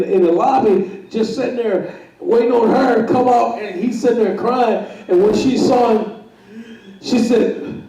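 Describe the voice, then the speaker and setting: A man's voice: sits high, vocal fry, warm tone. A man telling a comic story on stage, chuckling, repeating himself and acting out the voices. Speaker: guest storyteller. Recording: very echoey room, voice far from mic.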